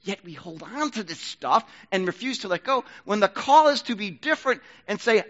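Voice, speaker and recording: A man preaching a sermon as pastor, talking conversationally and rising to loud, emphatic bursts. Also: high voice, very animated, fairly quick, hardly any pauses, highs cut off.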